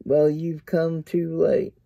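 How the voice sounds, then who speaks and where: A man's voice: on the high side, completely flat delivery, takes it slowly, gravelly, dry recording, phone-quality sound, heavily acted. A man reading an audiobook aloud, voicing a big, boisterous city man who jeers at two country boys. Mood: mocking. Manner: loud, jeering.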